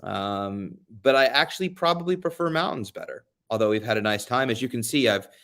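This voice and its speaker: A man's voice: medium pitch, animated, brisk, a bit bright. A young American man hosting a casual live-stream chat from a beach getaway, greeting viewers by name and joking about himself. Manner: chatty, self-deprecating, greets viewers by name. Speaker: livestream host, advocate. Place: beach rental during a getaway.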